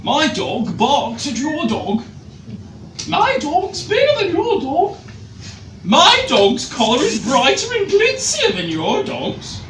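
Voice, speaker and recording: A man voicing a boastful, indignant dog-show owner who squabbles and shouts. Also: extremely high pitch, wildly swooping pitch, slow pace, pitched above the performer's own voice, exaggerated voice. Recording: echoey room, far mic, noisy.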